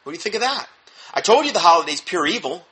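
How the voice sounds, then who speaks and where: Emphatic, bright-voiced male preacher. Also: high-pitched, fast. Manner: emphatic, animated, with sudden drops to mumbled asides. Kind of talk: sermon-style teaching talk.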